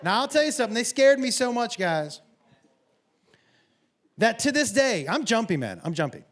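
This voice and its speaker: A man doing stand-up storytelling on stage, animated and profane, acting out dialogue and bursting into shouts. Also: extremely high pitch, normal speed. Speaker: stand-up comedian. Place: comedy stage before a live audience.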